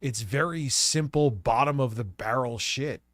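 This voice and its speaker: A man's voice: mid-range voice, unhurried, a bit bright, dry recording. Stuffy-voiced male co-host, blunt and mocking, dry sound. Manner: blunt, mocking, swears a lot. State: stuffy from a cold. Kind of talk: profane casual commentary.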